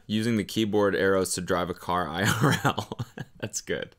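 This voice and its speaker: A man's voice: low-pitched, expressive, measured pace, a bit bright. A man hosting casual commentary on videos, laid-back and sarcastic, swearing and laughing. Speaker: host.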